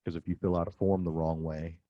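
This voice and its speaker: A man's voice: low-pitched, little pitch movement, a little fast, no room sound, dull audio. A man hosting a podcast interview, speaking thoughtfully and hesitantly with frequent restarts. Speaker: podcast host. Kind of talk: interview conversation.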